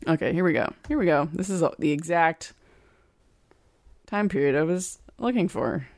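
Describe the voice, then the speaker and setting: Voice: mid-range voice, expressive, normal speed, dry recording, studio quality. A co-host chatting casually and playfully, often restarting sentences. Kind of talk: casual chat.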